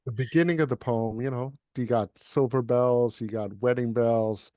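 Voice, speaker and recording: Poet reading on a video call, dark and dry tone, steady monotone. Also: male voice, medium pitch, no room sound. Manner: even, unhurried recitation with repeated words. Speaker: poet and guest reader. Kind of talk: poetry recitation and casual chat.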